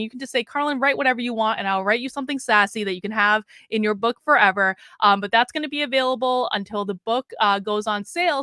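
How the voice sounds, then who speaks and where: An upbeat woman with a slightly high voice hosts a live online chat. She speaks plainly and promotes her book in a friendly way. The sound is dry and close. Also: a bit bright, no room sound. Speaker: host and author. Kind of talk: casual interview hosting.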